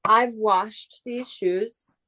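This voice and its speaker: A woman's voice: mid-range voice, fairly even intonation, very slow, sharp tone. A woman from the Bay Area, an artist who customizes shoes, talking casually in an interview and rambling with many restarts. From San Francisco Bay Area. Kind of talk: casual interview over video call.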